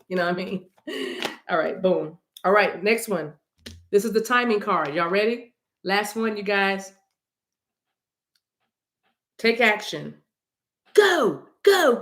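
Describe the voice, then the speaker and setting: A woman's voice: mid-range voice, a bit bright, echoey room. A woman reading cards on a livestream, talking casually and playfully to her viewers and breaking into song now and then. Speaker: livestream card reader.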